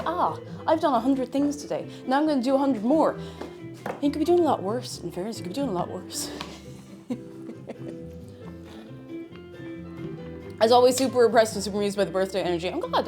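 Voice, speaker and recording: A young Irish woman chatting casually on her livestream, bubbly and chatty as she greets viewers and reads their messages. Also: on the high side. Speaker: streamer.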